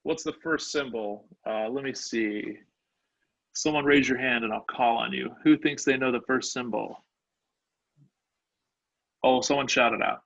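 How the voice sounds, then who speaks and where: A man's voice: mid-range voice, a little slow, vocal fry, pauses often, a bit bright. A male instructor teaching a live online class, sounding out words syllable by syllable. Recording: dull lo-fi online call audio.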